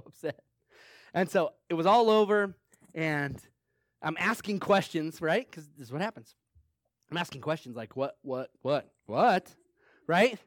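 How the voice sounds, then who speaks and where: A man's voice: fairly high pitch, dry recording, studio quality. A man preaching a sermon in a conversational way, telling a personal story, repeating phrases for emphasis and laughing often. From small town. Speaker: pastor.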